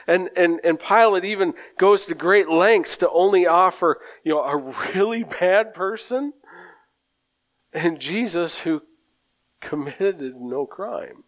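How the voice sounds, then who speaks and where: Slow, earnest male preacher. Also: high voice. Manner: slow, earnest, with frequent repeated words. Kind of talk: sermon.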